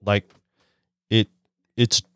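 A man's voice: extremely slow, no room sound, studio quality. A man in his forties, a fishing guide, telling stories in casual chat, swearing and laughing as he talks. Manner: animated storyteller, swears, laughs often.

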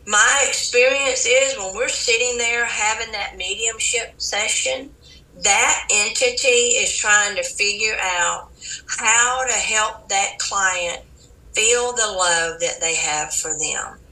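A Southern American woman, a psychic medium as a podcast guest, talking in an earnest, gentle spiritual way with frequent restarts. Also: medium pitch, slow pace. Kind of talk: casual interview talk. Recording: echoey room, distant from the mic.

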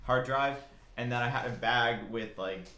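A man's voice: medium pitch, normal speed, bright, forceful tone, echoey room, soft background music. Young man telling a rambling story. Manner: rambling storyteller, laughs often. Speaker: podcast co-host. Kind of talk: casual chat.

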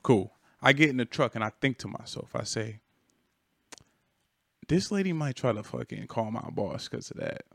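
A man's voice: mid-range voice, lively intonation, normal speed, creaky, fairly bright tone, husky, no echo, studio quality. Laid-back slangy young man telling a story. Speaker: podcast co-host. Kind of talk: casual storytelling chat.

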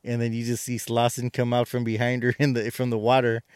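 A man's voice: mid-range voice, completely flat delivery, a little fast, darkish tone, clear, resonant tone, no room sound, clean studio sound. A man co-hosting a casual chat, retelling a movie plot in a rambling way with many fillers and restarts. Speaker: podcast co-host.

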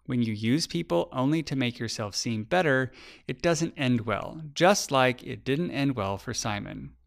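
A man reading a storybook aloud, voicing a calm, patient mother who guides with questions, in a gravelly voice. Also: medium pitch, a little slow. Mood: gently firm.

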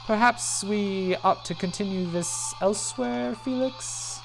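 A gamer voicing a smooth, scheming video game villain who speaks with drawn-out, polite menace, with faint game music behind. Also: mid-range voice, voice pushed up, poor audio. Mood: smug.

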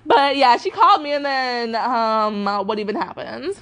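High bright young woman ranting. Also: animated, a little slow. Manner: cussing, heavy filler "like", quotes others in put-on voices. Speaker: podcast host. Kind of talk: casual rant.

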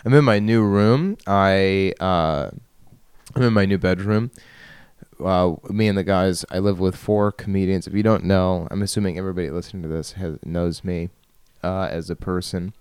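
Young male podcast host, deep and smooth voice, rambling and self-mocking, laughs a lot, dry close mic. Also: fairly even intonation, normal speed, a little mellow, no room sound. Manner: self-deprecating, laughs often, trails off and restarts. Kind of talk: rambling solo podcast monologue. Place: bedroom. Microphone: studio microphone at a computer.

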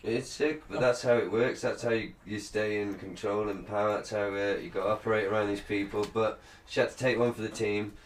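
A man with a low voice drops crude jokes into a podcast chat. He sounds far from the mic, in a room with a clear echo. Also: fairly even intonation, a little fast, hardly any pauses. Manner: crude jokey quips. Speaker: podcast co-host. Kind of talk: casual chat. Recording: distant, echoey.

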